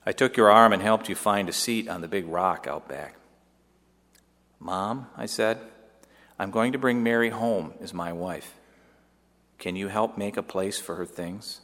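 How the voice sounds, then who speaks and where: Joseph, an earnest young son pouring out a tender memory to his mother, as a man plays him. The voice sits a little low and is heartfelt, told as a storytelling monologue. A long hall reverb trails every line. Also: measured pace, long pauses, fairly bright tone. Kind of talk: dramatic first-person monologue.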